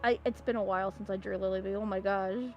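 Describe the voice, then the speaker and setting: Drawing live for her audience, this young woman from California talks fast at a medium pitch, rambling and giggling with bursts of excited squealing. The audio sounds dull, and faint music plays underneath.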